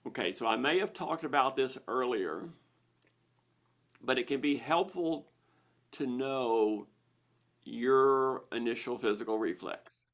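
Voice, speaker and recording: A man's voice: medium pitch, slow, long pauses, fairly bright tone. A man hosting a live Q&A, explaining in a plain way with frequent restarts and repeated words. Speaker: host of a misophonia Q&A.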